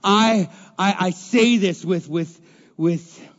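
Male pastor, high voice, unhurried sermon delivery, emphatic repetition, dull recording with long hall reverb. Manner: emphatic, repeats phrases, swings from loud to hushed.

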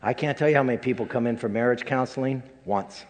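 An older man, a pastor, delivering a personal sermon in a halting, emotional way, full of restarts, in a church sanctuary. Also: medium pitch. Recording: long reverb of a large hall.

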